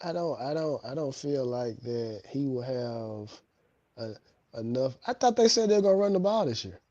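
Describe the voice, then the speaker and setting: A man co-hosting a sports show, arguing in a measured, analytical way and pausing to recall names. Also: mid-range voice, animated, dark tone, no echo, muffled recording. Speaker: show co-host. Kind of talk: sports debate.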